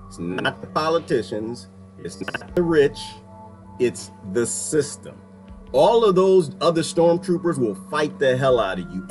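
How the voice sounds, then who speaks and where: A man's voice: mid-range voice, a little mellow. A man hosting a casual livestream, talking straight to his chat viewers and laughing often. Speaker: livestream host.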